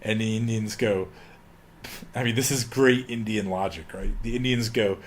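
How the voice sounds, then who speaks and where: A man's voice: fairly low pitch, fairly even intonation, normal speed. A man giving a casual history lecture, rambling along with many fillers and opinionated asides.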